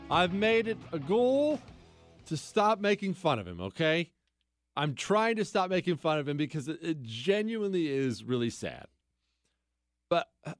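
Sarcastic man hosting talk radio, lively swooping delivery, dry booth sound. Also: dry recording. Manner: sarcastic, mocking, heavy repetition; animated, swings into incredulous high outbursts. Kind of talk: political talk radio monologue.

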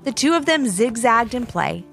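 Kids' storyteller host: woman, bright-pitched, very animated delivery. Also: moderate pace, creaky, faint music behind. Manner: bubbly, expressive. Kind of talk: children's story narration.

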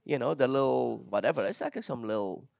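A man with a gravelly, mid-pitched voice tells a dog-training story in loose, casual chat. He acts out the people in it and laughs as he goes. The sound is dry and close. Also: a little fast, no echo. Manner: animated storyteller, acts out quotes, laughs often. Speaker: dog trainer and podcast host.

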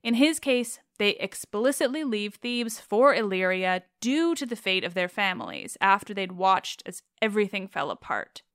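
A woman's voice: medium pitch, sing-song, moderate pace, hardly any pauses, a bit bright, no room sound, studio quality. A woman retelling an old myth in an informal way, openly enthusiastic and affectionate about her subject. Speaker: mythology presenter.

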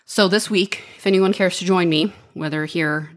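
Young woman, podcast co-host, casual and rambling, voice on the low side. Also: fairly even intonation, normal speed. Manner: chatty, acts out quoted lines with raised pitch.

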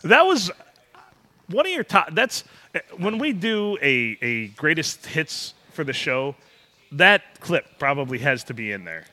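High, lively male podcast co-host. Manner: laughs often, animated, quick banter. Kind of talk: casual podcast chat.

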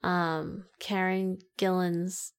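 A woman co-hosting a casual movie-review podcast, teasing her co-host with dry, deadpan remarks. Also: fairly low pitch, extremely slow, smooth.

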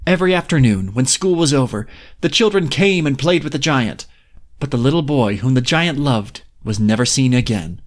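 A man narrates a fairy tale in an even, expressive voice. In conversation he turns chatty and relaxed, often restarting his sentences. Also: medium pitch, moderate pace. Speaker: podcast host and reader. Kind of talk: expressive story reading, then casual chat.

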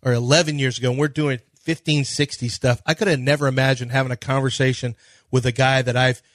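Lively male sports radio host. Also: medium pitch, quick pace, no echo, studio quality. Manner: animated storytelling, quotes others in conversation. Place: radio studio. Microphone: studio microphone.

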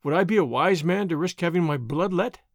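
A man's voice: fairly high pitch, animated, no echo, studio quality, natural voice. Don Diego, a man reading a languid ironic nobleman. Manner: drawling, mildly mocking, unhurried. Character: gentle, languid young nobleman, lazy and ironic. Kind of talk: audiobook character reading.

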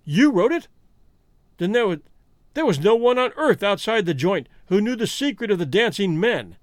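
A man voicing a brash, grieving American outlaw who talks loud and defiant, with an American accent. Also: high-pitched, sing-song, moderate pace, dry recording, clean studio sound, pitched above the performer's own voice.

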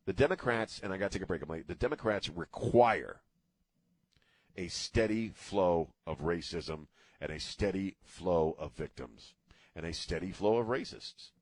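A man's voice: low-pitched, normal speed, dry recording. Sarcastic male talk radio host. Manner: sarcastic, mocking.

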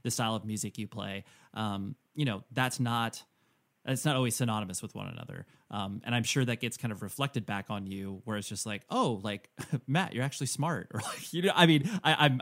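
A male podcast host with a voice of middling pitch. He talks with eager enthusiasm but stumbles through his questions, leaning on fillers like "um" and "you know.". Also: fairly bright tone. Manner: enthusiastic, hesitant, lots of fillers. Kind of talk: casual interview and ad read.

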